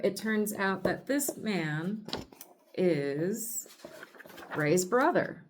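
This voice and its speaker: A woman hosting a book podcast retells a comic's plot in an animated, storytelling way, laughing often. Her voice sits low and she takes her time. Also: slow, a little hiss or hum. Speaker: podcast host.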